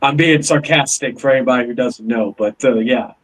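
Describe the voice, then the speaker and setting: A man's voice: medium pitch, brisk, poor audio. A man hosting a livestream call, pressing pointed questions while stumbling over and repeating his words. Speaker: livestream host. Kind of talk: heated livestream call discussion.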